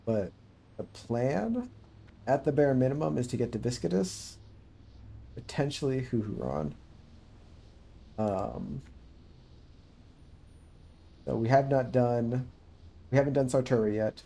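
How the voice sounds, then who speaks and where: Male streamer, gravelly low-key voice, relaxed, rambling gaming chat. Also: unhurried, long pauses, a little hiss or hum. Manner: laid-back, chuckles often, rambling with fillers. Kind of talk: casual livestream chat while gaming.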